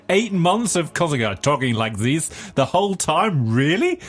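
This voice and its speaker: An animated male co-presenter with a fairly high voice that leaps up and down as he talks. He chats casually in the studio, stumbling over restarts, while soft music sits faintly underneath. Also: moderate pace, hardly any pauses. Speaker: radio co-presenter. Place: radio studio.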